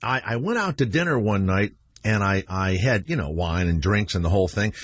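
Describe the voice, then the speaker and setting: Radio host, male, slightly husky, animated storyteller who does the voices, muffled broadcast sound. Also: fairly low pitch, a little fast, no room sound. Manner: animated anecdote teller, acts out quoted voices. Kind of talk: casual talk radio storytelling.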